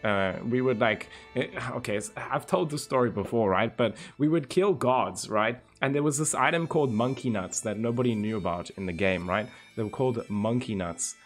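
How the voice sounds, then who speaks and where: A man's voice: mid-range voice, soft background music. A man in his twenties chatting casually on a live stream, laid-back and swearing freely as he tells stories. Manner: laid-back, swears a lot, spins stories with quick voice impressions. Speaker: game streamer.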